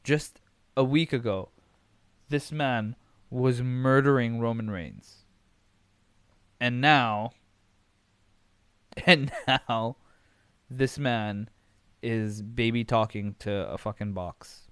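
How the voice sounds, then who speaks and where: A man's voice: mid-range voice, takes it slowly, clear, resonant tone, dry recording. A man hosting a casual recap podcast, ranting in exasperation with lots of swearing, rambling with sighs and restarts. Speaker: podcast host.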